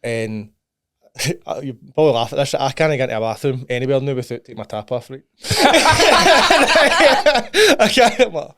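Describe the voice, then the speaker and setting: A Scottish man with a mid-range voice talks openly in relaxed chat, dropping in aye and right as he goes. The recording is dry and close. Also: mid-range voice, quick pace, clean tone, no room sound. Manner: candid, laughs often, says aye and right. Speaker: podcast guest, bodybuilding client. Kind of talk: casual chat.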